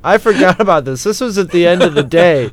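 A man's voice: sits high, animated, brisk, a crowd in the background. A middle-aged man trading school stories as a podcast co-host, laughing often and mimicking a ranting teacher. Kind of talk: casual storytelling chat.

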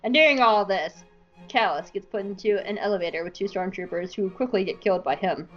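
A woman's voice: mid-range voice, brisk. A young woman co-hosting a podcast, telling a comedic fan-fiction story with giggles and swearing. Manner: giggly, profane, animated storyteller. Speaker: podcast co-host. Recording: muffled podcast audio, faint music.

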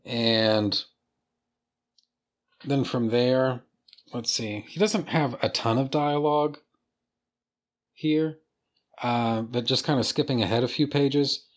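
A man gives a casual, excited comic book review, cursing freely and talking straight to his viewers. His voice sits at a middle pitch, relaxed and conversational. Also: takes it slowly, pauses often. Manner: enthusiastic, casual, swears freely. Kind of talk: casual video commentary.

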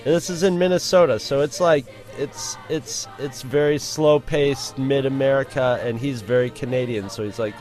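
Male podcast host, mid pitch, rambling storyteller, faint music under him. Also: moderate pace, few pauses, a little mellow. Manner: rambling anecdotal storytelling with many restarts. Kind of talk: casual chat.

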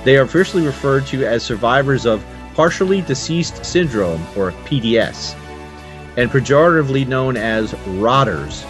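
A man's voice: mid-range voice, animated, music in the background. A man chatting casually on a podcast, reading a show summary aloud and joking with friends. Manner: jokey, reads aloud quickly, laughs often.

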